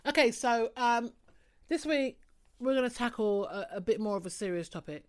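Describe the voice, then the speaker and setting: A woman's voice: on the high side, lively intonation, normal speed. A woman hosting a podcast, talking casually and turning to a serious topic. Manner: chatty, turning serious, with fillers. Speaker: podcast host.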